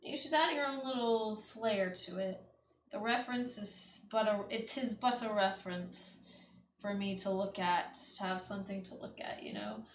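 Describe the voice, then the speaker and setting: A woman's voice: mid-range voice, normal speed, a little hiss or hum. A young woman streaming while she paints, chatting loosely with lots of "like" and "you know.". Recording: echoey room with faint ambience.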